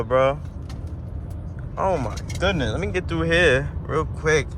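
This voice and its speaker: A man's voice: fairly high pitch, takes it slowly, long pauses. A young man giving casual, slang-heavy commentary to viewers while driving, recorded on a camera mounted in the car. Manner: slangy, talks straight to viewers, gets loud and excited when accelerating. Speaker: car vlogger. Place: inside a moving car. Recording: faint road noise in car.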